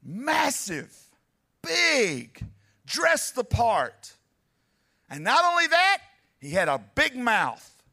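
A man's voice: very high voice, huge pitch swings, drawn-out words, long pauses. A male preacher delivering a dramatic sermon and speaking straight to his congregation. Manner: dramatic, builds to near shouting, speaks to the congregation directly. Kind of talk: animated sermon.

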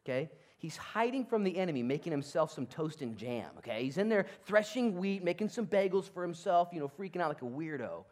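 A man's voice: a little high, animated, fairly quick, few pauses, darkish tone. A man pastor preaching a sermon, telling the story with energy and acting out the people in it.

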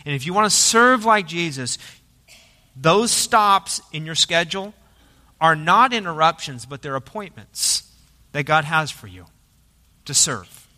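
A man pastor preaching a sermon, emphatic, with loud dramatic quotes. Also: a little high, animated, measured pace, long pauses. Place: church sanctuary. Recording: church hall reverb.

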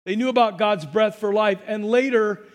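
A man's voice: high voice, normal speed. A man preaching a sermon as pastor at a church service, earnest and often repeating words as he starts a phrase.

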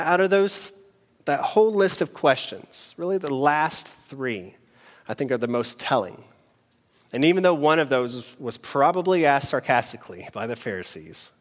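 A man preaching a sermon in an earnest, measured way, pausing between phrases. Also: mid-range voice, a bit bright. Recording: long hall reverb.

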